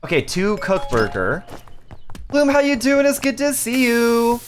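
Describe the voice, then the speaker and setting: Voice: medium pitch, wildly swooping pitch, a little slow, faint music behind. A streamer playing a cooking game live, bantering and swearing at chat with frequent laughter.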